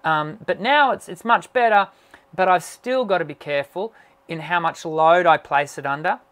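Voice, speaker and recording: A man's voice: a little high, moderate pace, fairly bright tone. Man with a strained, recovering voice. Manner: explanatory, full of fillers and restarts. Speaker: voice teacher. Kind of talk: live online Q&A.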